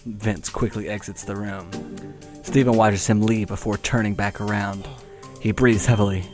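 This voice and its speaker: A man narrates stage directions for a comedy script read-through in a brisk, wry tone. His voice is a touch deep. Clear guitar music runs under every line. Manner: brisk, wry, profane asides. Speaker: narrator and host.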